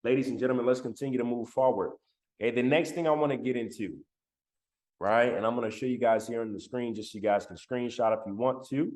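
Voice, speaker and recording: A man's voice: mid-range voice, steady tone, fast talker, a little mellow. A man giving a motivational talk on a live stream, emphatic, repeating key lines and calling on viewers in the chat, on a laptop microphone. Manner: emphatic, repeats phrases, addresses chat directly. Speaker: motivational speaker. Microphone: laptop mic.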